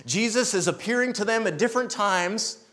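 A male missionary preaching a sermon, his voice sitting a little higher than most men's. He talks in an animated, joking way and acts out the people in his stories. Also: brisk.

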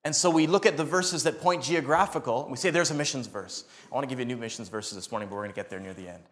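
A man preaching a sermon as a missionary, animated and joking, acting out voices in his stories. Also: mid-range voice, fast talker.

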